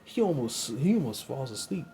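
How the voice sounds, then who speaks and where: Rambling young man, mellow voice. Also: medium pitch, big pitch swings, brisk, a little hiss or hum. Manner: rambling, filler-heavy, says "you know what I'm saying" often. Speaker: storyteller. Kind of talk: casual improvised story narration.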